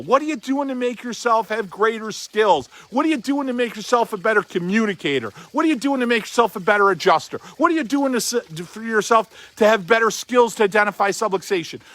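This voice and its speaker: A man's voice: high voice, lively intonation, moderate pace, a bit bright. A man giving an emphatic motivational talk as a chiropractic coach, repeating himself and swearing casually.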